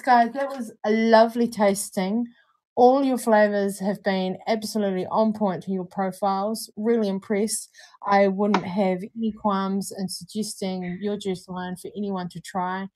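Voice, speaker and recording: Slow-talking, easygoing woman, chatty. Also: mid-range voice, a little mellow, poor audio. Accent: New Zealand. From New Zealand. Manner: chatty and easygoing, swears casually. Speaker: co-host reviewing vape juice. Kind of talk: casual live-stream chat.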